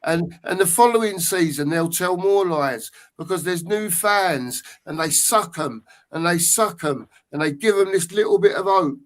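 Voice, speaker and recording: A man's voice: sits high, normal speed, hardly any pauses. A man hosting a livestream, speaking bluntly and earnestly and sometimes hunting for the right word. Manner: blunt, earnest, searches for words. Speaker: host. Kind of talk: casual livestream chat.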